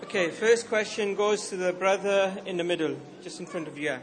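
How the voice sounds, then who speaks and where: A man's voice: sits high, normal speed. A man moderating a lecture event, giving orderly instructions for the question session.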